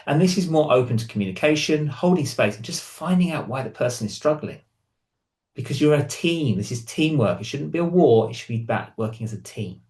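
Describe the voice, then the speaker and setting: A man's voice: medium pitch, reverberant. A man, a hypnotherapist, explaining to camera and reading example lines in different tones. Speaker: hypnotherapist and relationship counsellor.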